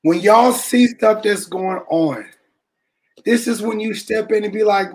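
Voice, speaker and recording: A man giving an impassioned, preaching-style talk, colloquial and animated, often shouting for emphasis to his listeners. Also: high voice, measured pace. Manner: colloquial, calls listeners "baby" and "y'all". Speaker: speaker addressing a church audience.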